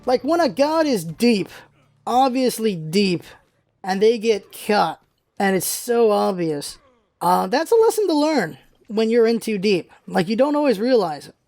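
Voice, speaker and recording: A man's voice: sits high, big pitch swings, a little slow, a little mellow. A man hosting a casual vlog, rambling loosely with many fillers and restarts. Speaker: vlog host. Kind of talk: casual chat.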